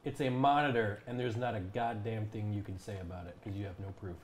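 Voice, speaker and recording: Deadpan man, mock-serious jokes. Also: lowish voice, fast talker. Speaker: streamer host. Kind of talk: casual dinner chat on stream. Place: home kitchen at dinner.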